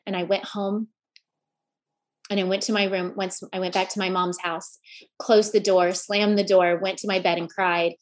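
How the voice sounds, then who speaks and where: A woman from Kansas giving an impassioned motivational speech, mixing rallying repeated phrases with personal storytelling. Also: medium pitch. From Kansas, USA. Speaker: motivational speaker. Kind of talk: motivational speech to a live audience.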